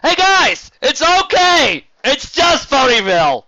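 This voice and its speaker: A man voicing a carefree male pony stallion who shouts in a drawn-out, jolly way. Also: very high voice, very animated, no echo, dull audio, voice pushed up, heavily acted. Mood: hollering cheerfully. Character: giddy, loud male pegasus stallion, carefree and relieved.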